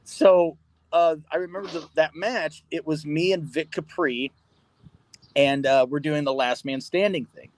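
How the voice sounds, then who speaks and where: A man, a guest on a podcast, tells a story in a casual, animated way, laughing often and swearing freely. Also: fairly high pitch, measured pace. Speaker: podcast guest, pro wrestler. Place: podcast studio.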